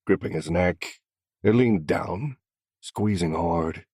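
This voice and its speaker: A man's voice: low-pitched, slow pace, creaky, darkish tone, slightly rough, no room sound, studio quality. A man narrating a first-person crime story in scripted audiobook style, with a menacing, growling delivery.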